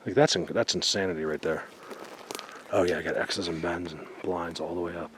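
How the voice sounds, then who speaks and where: Low voiced guy filming in the woods, excited, talking to viewers, noisy outdoor camera sound. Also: fairly quick. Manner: excited, talks to viewers, drops to a whisper at times. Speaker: vlogger. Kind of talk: outdoor exploring vlog. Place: outdoors in a forest.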